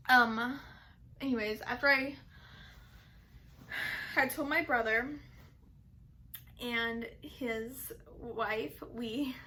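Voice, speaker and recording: A woman's voice: fairly high pitch, fairly even intonation, extremely slow, pauses often, bright, forceful tone. Young woman rambling with filler words. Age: young adult. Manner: rambling, heavy use of "like" and "um". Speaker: vlogger. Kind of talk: casual personal storytelling.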